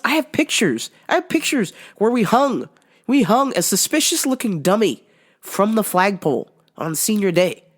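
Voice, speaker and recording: A woman from the United States, hosting a podcast and telling a comic story in a casual, profane and animated way. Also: medium pitch. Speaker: podcast host.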